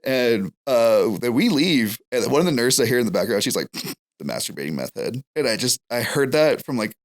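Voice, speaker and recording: A man's voice: mid-range voice, animated, fairly quick. A man on a podcast, telling long rambling stories in a casual chat and laughing through them. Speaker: podcast guest.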